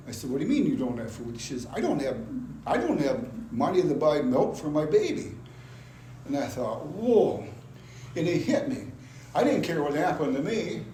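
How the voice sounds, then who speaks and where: A man's voice: medium pitch, mellow. A man from Iowa giving a personal testimony in a church hall, telling his story in a folksy way and acting out the voices of people he quotes. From Iowa, USA. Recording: roomy hall with faint hum.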